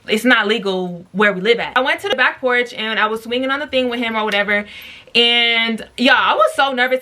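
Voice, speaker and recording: A young woman with a bright, forward voice and a slightly high pitch tells a story to her camera. She is chatty and slangy, leans on fillers, and keeps turning to speak to her viewers directly. Her delivery is casual and loose. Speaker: storytime vlogger.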